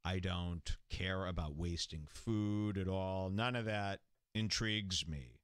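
A man's voice: low voice, takes it slowly, clear, resonant tone, no echo, studio quality. A man hosting a comedy show, sarcastically mocking a clip he plays. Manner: sarcastic, with jokey exaggeration. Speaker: host. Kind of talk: mocking commentary over a clip.

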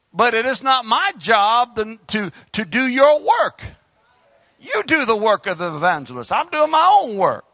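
Fiery high-voiced preacher man. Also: no room sound, studio quality. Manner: fiery, exhorting, rapid shifts between shouting and quiet asides. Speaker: pastor. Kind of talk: sermon.

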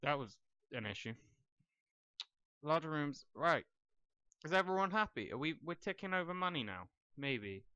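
A man's voice: on the high side, sing-song, moderate pace, pauses often, sharp tone, no echo, highs cut off. A young man giving casual gameplay commentary, rambling and talking to the characters on screen. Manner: rambling, talks to the game characters. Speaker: let's play gamer.

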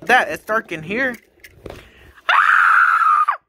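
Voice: mid-range voice, sing-song, slow, bright, forceful tone. A performer in a comedy skit, scolding and exasperated. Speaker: skit performer playing the son.

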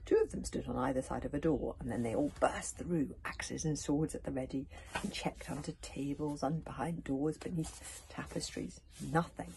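A woman reading a children's adventure story aloud, often dropping to a hushed whisper for suspense. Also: deep voice, normal speed, gravelly, a little hiss or hum, low-quality recording. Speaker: audiobook narrator. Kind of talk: storybook read-aloud narration.

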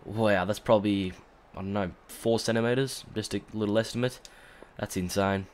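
A man with an Australian accent talks through a video game in a loose, filler-heavy commentary, his voice thick and congested from a cold. He sits slightly low in pitch and jumps into loud, excited shouts at key moments, with a faint hiss of noise behind him. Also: normal speed. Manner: chatty, rambling with fillers, bursts into excited shouts at big moments. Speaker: gaming YouTuber. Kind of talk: casual let's-play commentary.

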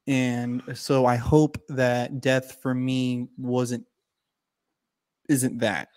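A man co-hosting a casual livestreamed podcast, telling stories in an animated way, laughing and swearing often. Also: mid-range voice, drawn-out words, clear, resonant tone. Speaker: podcast co-host.

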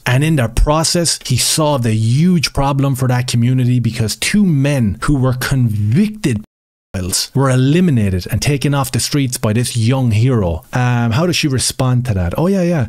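A man's voice: mid-range voice, a little mellow, no echo, studio quality. A man hosting a commentary channel, talking in a combative, sarcastic way with mocking rhetorical questions. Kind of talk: opinionated commentary over screen reading.

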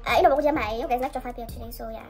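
Girl vlogging, talks fast, says guys a lot, bit of music under it. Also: on the high side, a little mellow. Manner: chatty, rambling, keeps saying "guys". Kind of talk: casual vlog chat.

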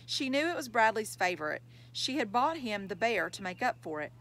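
Woman reader, children's novel, lively pitch, expressive. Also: a little fast, low-quality recording. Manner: expressive storytelling. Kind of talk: reading a children's novel aloud.

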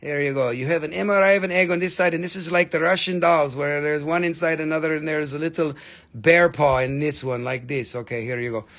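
High, gravelly-voiced joking man. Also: fairly even intonation, fairly bright tone. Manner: playful, joking, swearing, rapid banter. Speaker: live-stream seller of crystals and minerals. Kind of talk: live online sales stream.

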